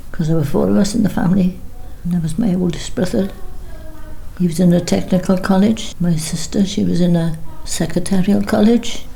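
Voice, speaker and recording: An older Welsh woman reminisces in short, homely phrases. Her voice sits a little low with a warm, mellow tone. A faint hiss of noise runs under the recording. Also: low-quality recording. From Wales. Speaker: interviewee.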